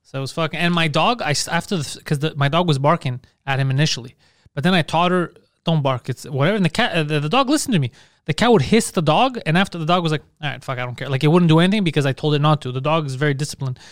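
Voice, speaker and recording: A man telling a profane story in casual podcast chat, acting out his own lines loudly. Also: fairly high pitch, racing, no echo, studio quality. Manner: profane storytelling with shouted impressions. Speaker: podcast host.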